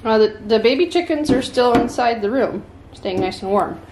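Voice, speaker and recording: At home on a small farm, a mother films a casual family vlog, talking to her kids and cooing at her goats in a high sing-song. She's excitable and speaks at a moderate pace against a noisy background.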